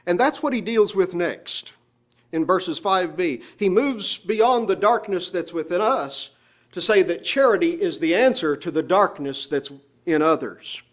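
Guy preaching a sermon, kinda high voice, leans hard on key words and slows way down on them. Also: lively intonation. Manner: emphatic, slows down on scripture phrases.

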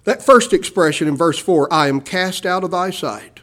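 A male preacher giving a sermon with dynamic swells and hushed drops, often calling his listeners beloved. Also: sits high, normal speed.

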